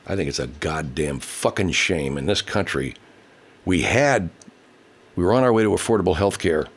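Reading comments from viewers, this livestream host curses a lot and rants in anger, then switches to baby talk for his cat. He speaks at a normal speed in a low, expressive voice.

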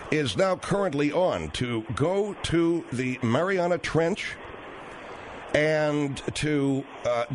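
A man's voice: a little high, slight background noise. A man hosting a talk radio show, patiently insisting on his facts with many fillers. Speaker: radio host.

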